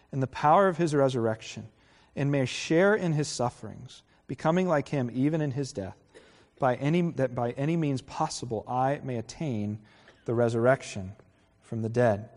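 A man's voice: medium pitch, a little mellow. Man preaching in an echoey hall. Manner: earnest, conversational preaching with pauses and self-corrections. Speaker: pastor. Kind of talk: sermon. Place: church sanctuary. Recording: reverberant hall.

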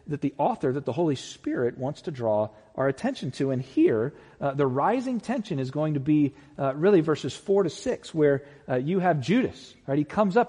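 A man preaching in a church with a lively, up-and-down delivery, his voice slightly husky and a little high for a man. He chats with the congregation as he goes and acts out the voices in the story. The sound carries a long hall reverb. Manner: animated, acts out voices in quotes; conversational, asks the listeners questions. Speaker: pastor. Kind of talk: sermon.

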